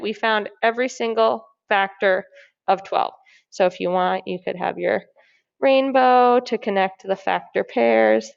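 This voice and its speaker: A woman teacher with a gravelly edge to her voice walks students through a math problem, asking herself questions and praising each step in an upbeat, encouraging way. The sound is dry and a little dull, like a modest lo-fi lesson recording. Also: mid-range voice, dry recording.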